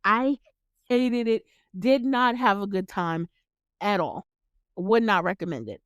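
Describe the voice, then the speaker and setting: A woman chatting through a movie recap in a smooth, clear voice. She is casual and quick to laugh, and she swears freely. The sound is dry and close, with no room around it. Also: mid-range voice, expressive, no echo. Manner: chatty, laughs often, acts out the characters' lines. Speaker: podcast host recapping a movie. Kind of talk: casual chat.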